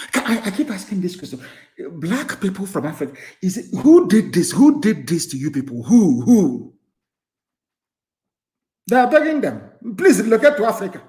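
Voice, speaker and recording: A man with a Nigerian accent giving a live radio broadcast speech, fiery and mocking, swinging from loud outbursts to low muttered asides. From southeastern Nigeria. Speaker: political activist broadcaster.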